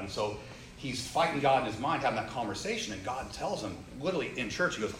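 Animated man telling a story in an echoey room. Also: mid-range voice, quick pace. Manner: animated, acts out quoted people, rising excitement. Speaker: storyteller sharing a testimony. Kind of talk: casual storytelling. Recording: roomy echo, faint ambient noise.

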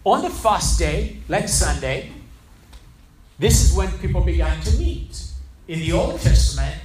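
Animated high-voiced preacher in echoey hall. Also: male voice, background noise. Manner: animated, rhetorical questions, calls for response. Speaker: pastor. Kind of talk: sermon. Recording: echoey hall, mic far off, music behind.

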